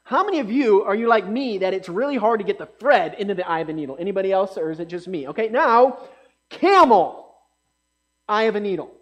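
A man reading scripture aloud and then preaching a sermon, talking conversationally with animated asides to the congregation. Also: high-pitched, rapid-fire, few pauses, lo-fi sound.

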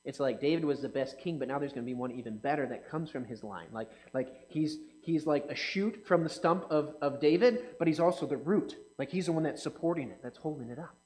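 A man with a high, light voice preaching in a relaxed, conversational way. He keeps asking his listeners questions and acts out the characters' lines in quick bursts. His tone shifts between bright and hushed as he teaches. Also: a little hiss or hum, rough recording. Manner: animated, asks the audience questions, acts out quotes. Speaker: pastor or Bible teacher. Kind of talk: conversational sermon. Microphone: speaking to a live group, slide on screen.

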